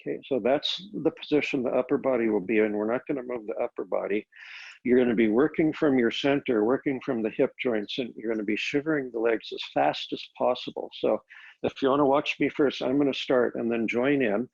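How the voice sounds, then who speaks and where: A man teaching a Pilates class, calmly cueing each step of the exercises, recorded on a laptop microphone. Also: mid-range voice, brisk, gravelly, husky, lo-fi sound. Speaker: Pilates instructor. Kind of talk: guided exercise class instruction.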